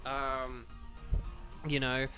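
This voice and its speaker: A man's voice: medium pitch, completely flat delivery, drawn-out words, pushed and bright, soft background music. A man streaming a game, chatting casually with viewers in a rambling, thinking-aloud way. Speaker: streamer and voice actor. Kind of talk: casual live-stream chat while gaming.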